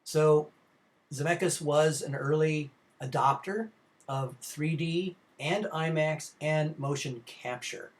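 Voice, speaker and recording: A man's voice: fairly high pitch, takes it slowly. A middle-aged man giving a recorded film lecture to students, rambling and informal, with many fillers and restarts. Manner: informal, addresses students directly.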